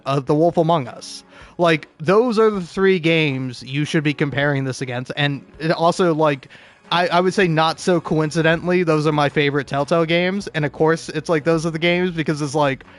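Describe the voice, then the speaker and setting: Male game streamer, fairly high voice, profane, rambling, faint music beneath. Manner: rambling, profane, stammering restarts. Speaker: gaming video host. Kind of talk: casual ranting commentary over gameplay.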